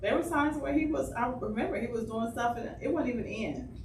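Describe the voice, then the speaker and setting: A woman's voice: a little high, brisk, darkish tone, a little hiss or hum. A woman from Chicago on a comedy podcast, talking casually and laughing often in an offhand way. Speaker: podcast co-host. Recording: roomy sound, mic at a distance.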